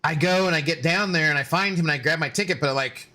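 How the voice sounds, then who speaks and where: A man's voice: a little high, fast, pushed and bright. A man in his forties streaming a game and rambling through stories in casual chat, loose with fillers and swearing.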